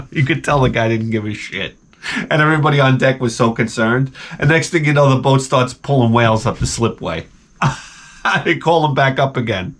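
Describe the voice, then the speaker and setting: A man's voice: medium pitch, fairly bright tone. A man hosting a video, rambling through a profane, comedic rant and often stumbling over his words. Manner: profane, digressive and exasperated; often repeats and restarts words. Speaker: video host.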